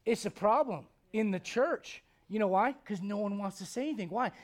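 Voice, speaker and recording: A male pastor preaching a blunt, confrontational sermon, swinging from loud outbursts to hushed intensity. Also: high voice, brisk.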